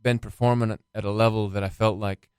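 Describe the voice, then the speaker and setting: American guy, lowish voice, rambly storyteller, dry close sound. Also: little pitch movement, quick pace, a little mellow, clear, resonant tone, no echo. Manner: rambling storyteller with many restarts. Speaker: guest actor. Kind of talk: casual podcast chat.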